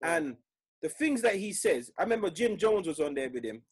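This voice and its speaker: A man's voice: fairly high pitch, very animated, a little fast, breathy edge. A man co-hosting a podcast, telling stories in slangy casual chat. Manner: storytelling, slangy, laughs along. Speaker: podcast co-host.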